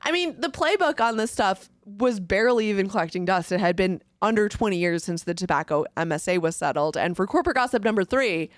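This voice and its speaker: A woman co-hosting a podcast, talking in a chatty, casual way with sarcastic asides and frequent laughs. Her voice sits at an ordinary pitch and is recorded close and dry, with no room sound. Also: expressive, fairly quick, few pauses, no echo. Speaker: podcast co-host. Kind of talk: casual chat.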